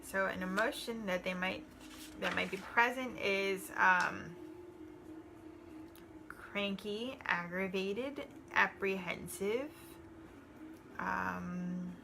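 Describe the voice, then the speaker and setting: A woman reading out a worksheet and working through an exercise, slow and hesitant with many pauses and ums. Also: mid-range voice, creaky, background noise. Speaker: student reading coursework aloud.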